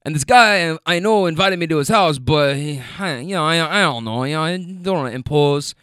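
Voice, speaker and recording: A man's voice: on the high side, expressive, moderate pace, fairly bright tone, smooth, no room sound, clean studio sound. A man voicing a single forty-year-old passenger with an imitated South American accent, repeating words and restarting sentences. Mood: chatty. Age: 40s.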